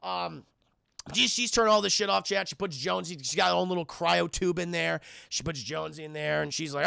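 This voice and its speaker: Streamer guy recapping a movie for chat, swears a lot, high bright gravelly voice. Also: fairly quick, no room sound, clean studio sound. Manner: animated, profane, jokey. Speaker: streamer and film reviewer.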